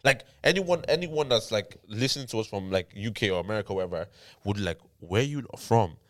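Lower-voiced Irish man arguing his point. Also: expressive, fairly quick. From Ireland. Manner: argumentative, holds the floor with "listen". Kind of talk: casual group debate.

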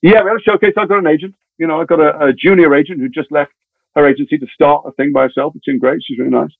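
Brief: middle-aged man, quick chatty storyteller, restarts a lot, dry tinny phone-like sound. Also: on the high side, steady tone, creaky, no room sound. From England. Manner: chatty, many restarts and wry asides. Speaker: guest actor. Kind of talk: anecdotal interview storytelling.

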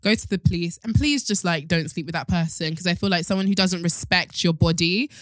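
A woman's voice: lowish voice, fairly quick, fairly bright tone, no echo. Earnest young woman podcaster. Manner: earnest, advice-giving. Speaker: podcast host. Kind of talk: casual chat.

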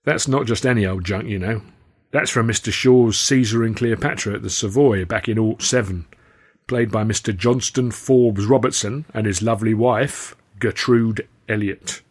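A shifty old watchman grumbles low and dubiously, hedging every word, as a narrator puts him on. The voice sits lower and quieter than the narration, husky and a touch muffled, in a read-aloud novel. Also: normal speed. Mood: sorrowful haggling.

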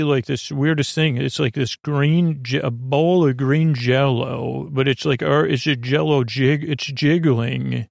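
A man's voice: medium pitch, vocal fry, dry recording, clean studio sound. A man hosting a sleep podcast, loosely retelling an episode with lots of filler and restarts. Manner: meandering, many filler ums and restarts. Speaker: podcast host. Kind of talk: rambling episode recap for sleep.

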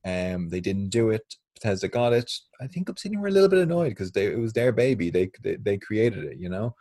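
Chatty Irish man, husky, low-voiced. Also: lively intonation, brisk, mellow, no room sound. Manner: chatty, laughs often, swears lightly. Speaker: podcast co-host. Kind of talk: casual chat.

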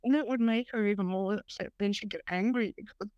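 A woman's voice: mid-range voice, brisk, smooth, no room sound, lo-fi sound. A woman guest on a podcast interview, speaking bluntly and matter-of-factly and laughing at herself. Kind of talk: casual interview chat.

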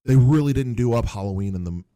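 A man chatting casually on a podcast and telling an animated story, acting out the people in it. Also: mid-range voice, fast, no room sound, clean studio sound. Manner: animated storyteller, acts out quoted voices.

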